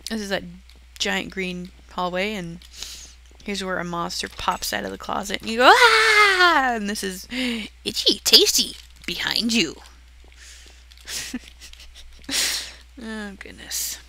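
A young woman chats her way through a game build, giggling and poking fun at herself as she goes. Her voice is bright and a little tense, with a gravelly fry that creeps in at the ends of her phrases. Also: mid-range voice, steady tone, slow, long pauses. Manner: giggly, self-deprecating, chatty. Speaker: channel host touring her build. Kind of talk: casual game walkthrough commentary.

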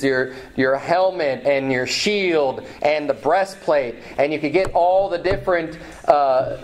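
Man preaching a sermon, raised pitch. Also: a little hiss or hum. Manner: preaching with fillers and restarts, reads scripture aloud. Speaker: pastor. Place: church sanctuary.

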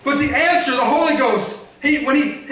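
Guy preaching way up high in his voice, bright and sharp, from far back in a big echoey church. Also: normal speed. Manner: call-and-response, repeats phrases. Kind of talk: sermon. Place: church sanctuary.

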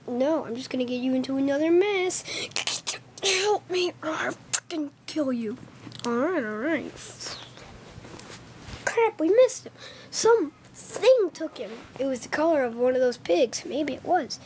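A woman performing a homemade fan skit, voicing every role herself and jumping between high and low voices as the characters squabble. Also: lively intonation, slow pace, long pauses, a little mellow, a little hiss or hum.

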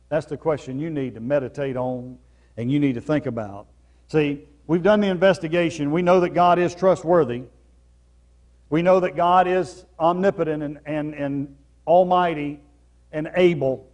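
A man preaching from the pulpit. He drives his points home by repeating phrases, rising to loud, emphatic lines and then dropping to soft, low ones. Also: normal speed. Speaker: pastor. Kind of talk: sermon.

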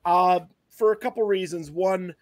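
A man's voice: high-pitched, measured pace, no room sound. A man talking on a sports podcast, emphatic and declarative. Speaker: podcast co-host. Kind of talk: casual sports podcast talk.

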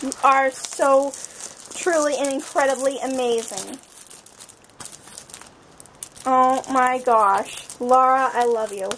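High-pitched woman unboxing gifts, slow drawn-out gushing, faint hiss behind. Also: fairly even intonation, fairly bright tone. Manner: gushing, effusive, repeated exclamations. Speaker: vlogger opening gifts. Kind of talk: casual unboxing chat.

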